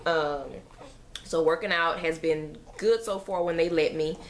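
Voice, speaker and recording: A woman's voice: deep voice, steady tone, unhurried. A woman, a mother, chatting to camera in a rambling, emotional way with sighs and fillers. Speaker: mother vlogger. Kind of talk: casual chat to camera.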